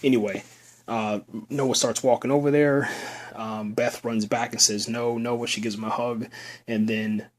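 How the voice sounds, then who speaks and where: A man's voice: medium pitch, steady tone, unhurried. A man casually recapping a TV episode for his viewers, loose and rambling with plenty of fillers. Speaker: show recap reviewer.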